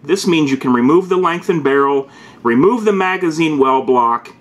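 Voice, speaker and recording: A man vlogging, reading a text aloud in a stiff, emphatic voice and breaking off to comment in quick, casual asides. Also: on the high side, expressive. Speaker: gun video host.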